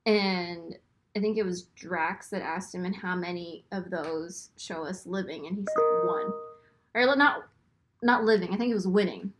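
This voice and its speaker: A woman chatting casually and excitedly about a movie, rambling with lots of fillers and small laughs. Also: fairly low pitch, normal speed, over loud music. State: burping after beer. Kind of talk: casual chat.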